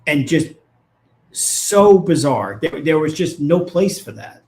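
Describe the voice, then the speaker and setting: Blunt, measured man legal guest. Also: a little high. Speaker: attorney guest. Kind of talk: casual legal commentary.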